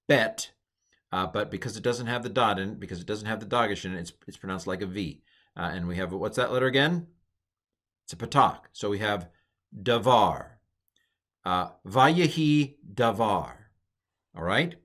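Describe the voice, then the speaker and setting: A man with a fairly low voice teaches an informal recorded lesson. He rambles a little, corrects himself often and fills the pauses with ums. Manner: relaxed, rambling, self-correcting, many ums. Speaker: Hebrew teacher.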